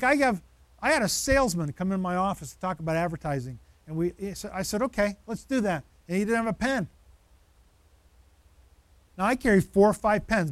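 A male pastor preaching a conversational sermon, lively and animated, with frequent asides to the congregation. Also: high-pitched, no echo.

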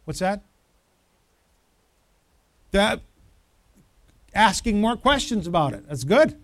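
A man's voice: sits high, sing-song, takes it slowly, a bit bright, no echo. A man preaching an interactive sermon in church, asking the congregation questions and building to emphatic repetition. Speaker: pastor.

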